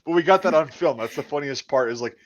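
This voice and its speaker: A man casually chatting as a podcast host, swearing often and trailing off into quiet mumbles. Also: fairly high pitch, lively intonation, quick pace. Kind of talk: casual chat.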